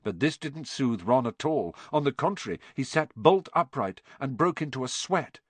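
A man reading a children's storybook aloud in an expressive, measured way. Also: mid-range voice, husky, no room sound. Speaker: audiobook narrator. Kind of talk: scripted storybook narration.

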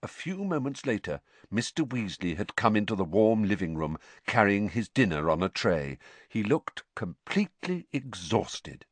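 A man narrates an audiobook with expressive storytelling. His voice sits on the low side at a moderate pace, with no echo.

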